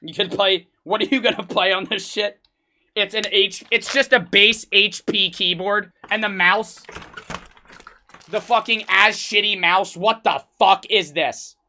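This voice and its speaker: A man in his twenties, a streamer, excitedly retelling a story with lots of swearing and acted-out quotes. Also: high-pitched, unhurried, a little hiss or hum. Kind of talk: animated storytelling vlog.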